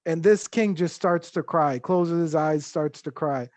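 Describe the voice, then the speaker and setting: A man telling a parable as a podcast guest, halting with frequent fillers and restarts. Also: fairly high pitch, darkish tone, dry recording. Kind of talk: storytelling in casual chat.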